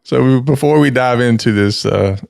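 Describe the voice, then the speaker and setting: Man, low gravelly voice, dry close sound, easygoing co-host. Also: normal speed, darkish tone, dry recording. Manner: easygoing, laughs often. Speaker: podcast co-host. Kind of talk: casual chat.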